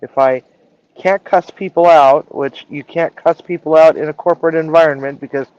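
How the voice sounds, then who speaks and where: A woman's voice: deep voice, fairly even intonation, normal speed, no echo, lo-fi sound. A woman chef telling a story in a casual live stream, acting out the dialogue and swearing freely. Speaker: chef and culinary director.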